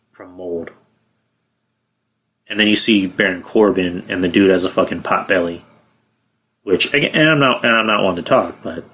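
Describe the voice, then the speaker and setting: A man's voice: sits low, sharp tone. A man hosting a podcast, giving blunt, profane opinions in a rambling casual way with many fillers. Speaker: podcast host. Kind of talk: casual wrestling commentary.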